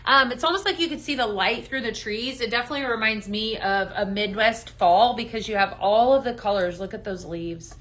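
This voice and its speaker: A woman hosting a live home-fragrance sales stream, chatting casually, greeting viewers by name and filling pauses with ums. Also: on the high side, a bit bright. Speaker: live shopping show host.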